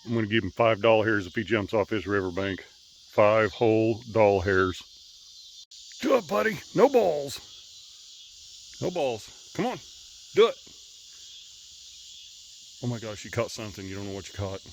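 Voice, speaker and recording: A man's voice: lowish voice, animated, normal speed, long pauses, slight background noise. A man chatting playfully to his pets outdoors by a river, teasing, coaxing and laughing often. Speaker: pet owner filming his animals. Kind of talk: casual talk to pets.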